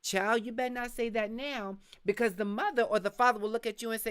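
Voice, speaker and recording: A middle-aged woman hosting a live podcast, talking frankly and reading viewer comments, acting out quick asides as she tells stories. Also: fairly high pitch, smooth. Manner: frank, animated storytelling with voiced asides. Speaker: podcast host.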